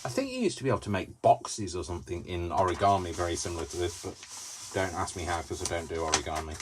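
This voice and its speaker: A man with a very low voice hosts a live craft demonstration, chatty and prone to giggling. He is tired and giddy from little sleep and keeps talking to himself as he folds. The recording carries a steady layer of background noise. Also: fast. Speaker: crafting video host.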